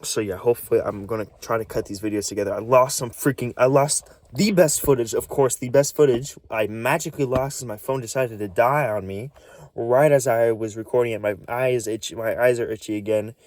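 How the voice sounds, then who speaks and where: A man's voice: medium pitch, brisk, darkish tone, no echo. A man vlogging about a strange experience, talking nervously and stammering, restarting words, his voice swinging up and down. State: nervous and shaky. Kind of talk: rambling casual vlog.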